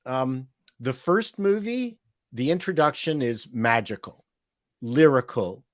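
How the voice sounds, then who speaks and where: A man with a Canadian accent from Toronto tells stories as a guest in a loose conversation. He talks in an animated, joking way. The sound is dry and close. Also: mid-range voice, no echo. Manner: storytelling, animated, quick jokes. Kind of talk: casual chat.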